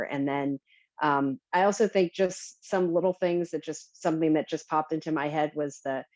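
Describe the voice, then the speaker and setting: A woman's voice: deep voice, a little mellow, no echo. A woman speaking as a panelist on a video call, with a hesitant manner and many fillers. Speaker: panelist, biomedical engineer. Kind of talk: casual panel talk. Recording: dull lo-fi webinar audio.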